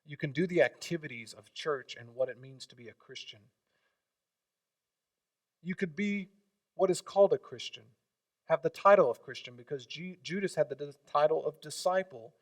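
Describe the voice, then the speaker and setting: A man preaching a sermon, swinging from loud emphatic lines to quiet hushed ones. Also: on the high side, animated, normal speed, dry recording, recorded from a distance. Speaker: pastor.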